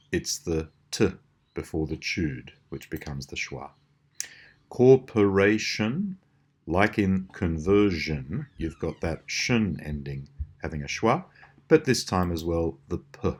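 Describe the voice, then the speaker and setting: An Australian man explaining a language puzzle solution, slowly drawing out example words. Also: very deep voice, slightly rough. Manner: precise, drawn-out demonstration of words. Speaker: language teacher.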